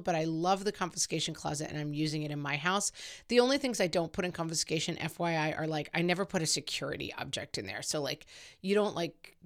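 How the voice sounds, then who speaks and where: A woman with a slightly low voice hosts a casual parenting advice podcast. She talks in a loose, chatty way, full of "like"s and cheerful self-deprecating asides.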